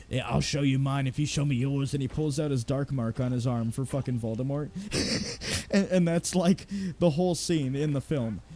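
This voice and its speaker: A man's voice: mid-range voice, warm tone. A young man ranting casually and profanely while he plays a game, rambling and sarcastic as he goes. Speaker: gaming streamer.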